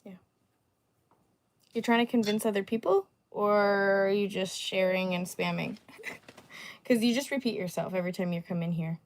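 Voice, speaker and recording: A woman's voice: mid-range voice, moderate pace, long pauses. A young adult woman hosting a livestream, teasing commenters with sassy, laughing casual chat. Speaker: livestream host.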